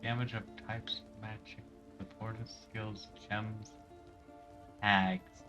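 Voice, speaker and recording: A man's voice: lowish voice, flat delivery, takes it slowly, dull audio, music in the background. A man streaming a game, talking casually and rambling off on tangents. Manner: rambling and tangent-prone, heavy use of "like". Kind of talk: casual gameplay commentary.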